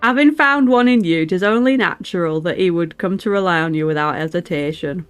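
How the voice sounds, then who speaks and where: A woman's voice: lowish voice, fairly quick, clear, resonant tone, faint music behind, pitched below the performer's own voice, lightly acted. A woman reading the lines of a formal male knight in a put-on northern English accent, in old-fashioned game dialogue.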